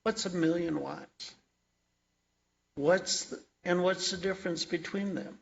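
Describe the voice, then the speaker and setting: A man, an author and energy worker, telling his life story in a slow, reflective, wry way. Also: sits high, creaky, muffled recording. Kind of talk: personal storytelling talk.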